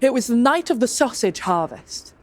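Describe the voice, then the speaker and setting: A woman's voice: on the high side, big pitch swings, moderate pace, darkish tone. A woman voicing a gullible, gossiping male tailor who can't keep a secret. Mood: eager.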